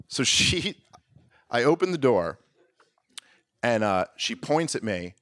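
A man doing stand-up, telling a story in an animated way and pushing his voice high and loud when he acts out his own exasperation. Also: takes it slowly, dry recording. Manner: animated, climbs to near-shouting exasperation when acting out arguments. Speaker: stand-up comedian.

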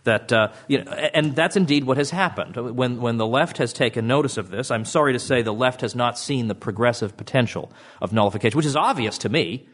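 A middle-aged man giving a speech to an audience as an author, with a sardonic, mocking tone and sudden jumps in pitch. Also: a little fast.

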